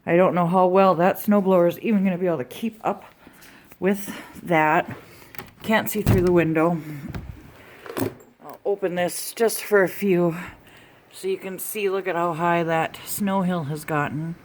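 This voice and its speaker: A woman's voice: on the low side, steady tone, unhurried, slight background noise. A woman narrating a home video diary on her phone outdoors in a snowstorm, chatty and a little out of breath, laughing now and then. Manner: chatty, laughs often, talks to pets. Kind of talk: casual handheld narration. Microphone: phone held in hand.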